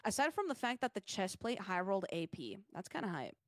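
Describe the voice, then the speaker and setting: A woman's voice: medium pitch, very animated, a little fast, dry recording, studio quality. A young woman streaming a game, chatting casually and grumbling playfully about her loot. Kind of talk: casual gaming stream chat.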